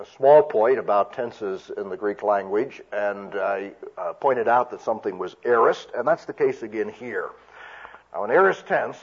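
A man works through a sermon, explaining each point carefully and often restarting his sentences. His voice is husky, and the recording sounds dull and lo-fi. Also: medium pitch. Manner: careful teaching with frequent restarts. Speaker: preacher. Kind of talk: expository sermon.

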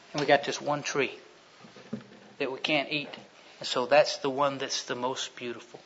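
A man preaching a sermon, retelling Bible scenes in a folksy storytelling way that swings from loud to hushed. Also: fairly high pitch, muffled recording.

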